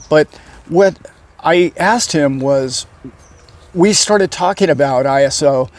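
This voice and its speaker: Rambling man telling a story. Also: on the high side. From United States. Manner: rambling, with many pauses and self-corrections. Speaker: channel host, boat captain. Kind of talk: casual storytelling monologue.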